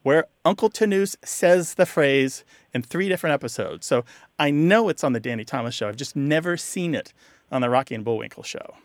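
A man's voice: fairly high pitch, animated, no echo, clean studio sound. Man explaining word origins on radio. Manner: chatty and explanatory, quick asides. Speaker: radio show co-host.

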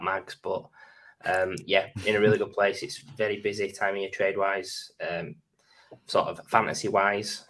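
Upbeat gravelly man. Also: low voice, fairly bright tone, rough recording. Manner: upbeat, jokey. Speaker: podcast co-host. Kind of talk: casual podcast chat.

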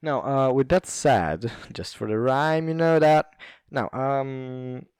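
A man's voice: medium pitch, slow, darkish tone, clean tone, no echo, studio quality. A young Italian man with an Italian accent, rambling casually in a monologue, laughing often and full of fillers and restarts. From Italy.

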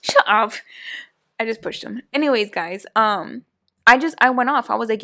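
Animated woman telling a story. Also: fairly high pitch, moderate pace. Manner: animated, acts out quoted voices. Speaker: podcast co-host. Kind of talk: casual storytelling chat.

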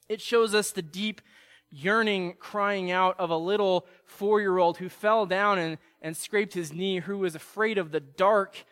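High-voiced man preaching in a reverberant hall. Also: a bit bright. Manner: earnest, builds to pleading intensity. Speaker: pastor. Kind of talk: sermon.

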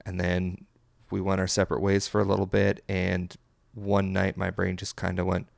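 Podcast host, man, very low and gravelly, open and supportive. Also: completely flat delivery, normal speed, dry recording, clean studio sound. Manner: candid, openly personal, supportive. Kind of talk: casual conversation.

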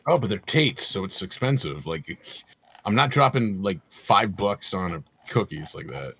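A man's voice: low voice, animated, normal speed, pushed and bright, breathy edge. A man co-hosting a casual chat, blunt and swearing, laughing often. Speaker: podcast co-host.

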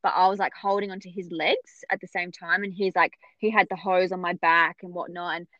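A woman, telling a story in a chatty, animated way and acting out what others said. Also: fairly low pitch, brisk, dry recording. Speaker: podcast guest telling her birth story. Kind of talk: casual storytelling. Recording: dull, muffled sound.

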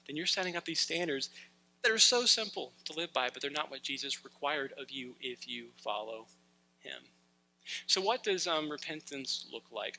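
A man's voice: on the high side, vocal fry, pushed and bright, low-quality recording. A man in his thirties preaching a casual, conversational sermon, acting out quoted lines as he goes. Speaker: pastor.

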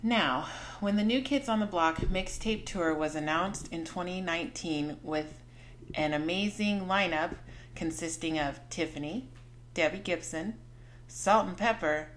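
Podcast host, woman, 40s; candid personal storytelling, slightly low pitch, frank. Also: a little slow, a little hiss or hum.

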